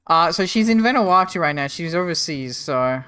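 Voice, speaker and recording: A man with a smooth, clear voice pitched a bit above average, chatting loosely on his livestream. He restarts his sentences often and turns to address his viewers. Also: animated, moderate pace, bright, forceful tone, no room sound. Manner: rambling, restarts, addresses chat. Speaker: streamer. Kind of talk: casual livestream chat.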